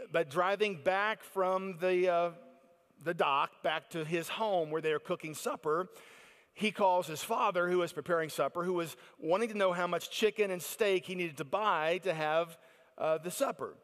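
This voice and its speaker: Animated male preacher in a big hall. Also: sits high, moderate pace. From United States. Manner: animated storyteller acting out others' excited voices. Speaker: conference speaker. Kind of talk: storytelling sermon.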